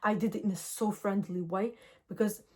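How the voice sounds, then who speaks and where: A woman's voice: mid-range voice, moderate pace. A young adult woman vlogging straight to camera, giving earnest, direct self-help talk and telling everyday stories with energy. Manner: earnest, direct, lively storytelling. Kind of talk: casual motivational talk to camera.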